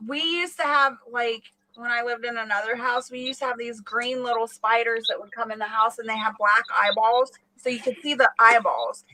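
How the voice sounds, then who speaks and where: Giggly woman telling bright, lively stories. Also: on the high side, normal speed, hardly any pauses, no echo, poor audio. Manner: giggly, animated storytelling. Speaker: channel host. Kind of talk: casual live chat.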